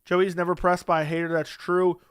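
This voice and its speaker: A man hosting a casual livestream, reading chat and firing back bluntly and dismissively. His voice sits a bit high and comes through crisp and clear. The sound is dry, with no room echo. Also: flat delivery, fairly quick.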